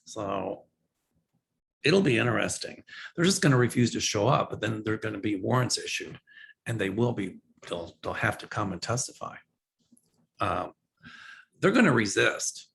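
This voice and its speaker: A man's voice: on the low side, animated, moderate pace, gravelly, pauses often, fairly bright tone, a little hiss or hum. A man answering viewer questions as a psychic host in a casual, opinionated way, with frequent ums and restarts. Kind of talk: casual livestream Q&A.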